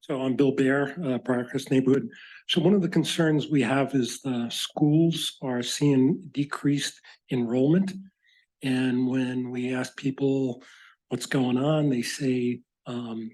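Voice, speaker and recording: Male resident, mellow warm tone, measured and earnest at a town-hall Q&A. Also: medium pitch, fairly even intonation. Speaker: resident asking a question. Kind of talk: public meeting Q&A. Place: city hall meeting room.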